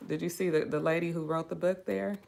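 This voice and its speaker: With a fairly low, darkish voice, steady tone, and vocal fry, a woman from the US West Coast briskly hosts a book club livestream. She chats casually and drawls as she welcomes viewers by name.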